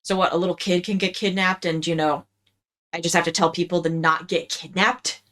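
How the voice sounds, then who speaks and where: A defensive teenage boy argues back in quick, rising bursts, as a woman puts him on. He sounds flustered. It is a tabletop game character. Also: fairly low pitch, little pitch movement, fairly bright tone, close to an everyday voice.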